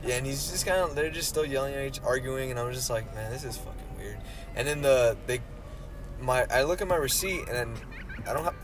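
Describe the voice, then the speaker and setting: A man's voice: mid-range voice, a little fast, music in the background. A young man co-hosting a podcast, telling a long rambling story in casual chat, full of fillers and swearing. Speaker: podcast co-host.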